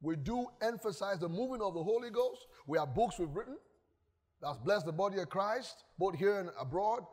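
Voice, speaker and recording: Male pastor, emphatic sermon delivery with questions to the congregation, high voice, long hall reverb. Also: animated, moderate pace, a little mellow. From Nigeria. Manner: emphatic, asks the congregation questions, acts out stories. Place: church hall.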